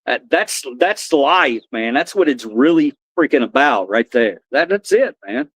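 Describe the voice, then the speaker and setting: A man's voice: mid-range voice, sing-song, measured pace, a bit bright, husky, no echo. A man chatting casually on a live stream, rambling and often repeating and restarting his phrases.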